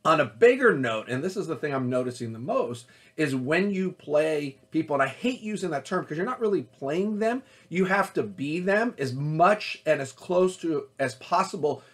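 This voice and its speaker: A man's voice: fairly high pitch, expressive, normal speed, few pauses, a bit bright. A man coaching actors in a solo talk to camera, earnest and repetitive, often restarting his phrases. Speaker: acting coach.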